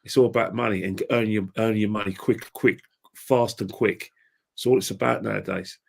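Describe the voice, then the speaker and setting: A man on a boxing panel, talking haltingly and agreeably. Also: fairly low pitch, fairly even intonation, creaky. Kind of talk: casual panel chat.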